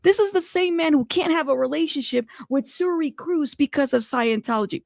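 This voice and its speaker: A host of a live news show, reacting animatedly and pleading between bursts of laughter. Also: female voice, high voice, animated, brisk, vocal fry, hardly any pauses, dry recording, clean studio sound. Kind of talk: casual commentary.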